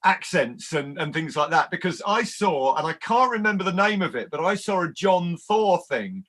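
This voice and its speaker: Bright, high-voiced rambling male panelist. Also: big pitch swings, normal speed. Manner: thoughtful, rambling. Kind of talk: casual live panel chat.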